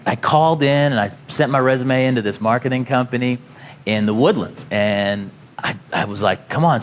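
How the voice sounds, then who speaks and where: A man's voice: mid-range voice, slight background noise. Man telling his career story casually. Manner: rambling, full of "you know" fillers and restarts. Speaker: company founder speaking to students.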